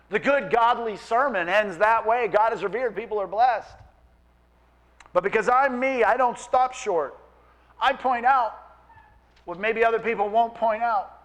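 A male pastor preaching a sermon in an animated, playful way, acting out voices of people and biblical figures. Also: high-pitched, unhurried, pauses often.

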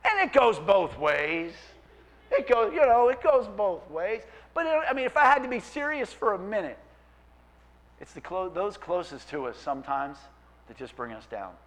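A man preaching a sermon with a high voice that swings widely up and down. He is playful and animated, slipping into quick acted-out voices of people and biblical figures. His delivery moves between jokes and serious appeals. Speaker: pastor.

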